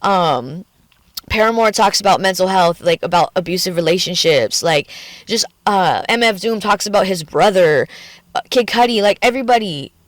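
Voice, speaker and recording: A woman's voice: medium pitch, expressive, moderate pace, no echo. A woman in a candid personal vlog, talking frankly and emotionally and swearing freely, recorded on a phone in a car. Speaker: vlogger. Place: in a car at the beach.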